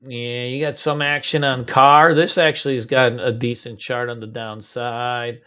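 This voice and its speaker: A man's voice: medium pitch, level tone, unhurried, sharp tone, clean tone. A man hosting a live pre-market trading stream, casual and slangy, humming filler beats as he scrolls through charts.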